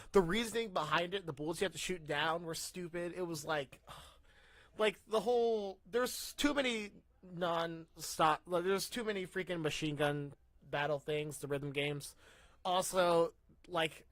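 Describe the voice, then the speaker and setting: Excitable young man ranting on a podcast. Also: a little high, no echo. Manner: rambling, excitable, ranting with laughs. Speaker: podcast host. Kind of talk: casual podcast chat. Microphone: mic through a soundboard.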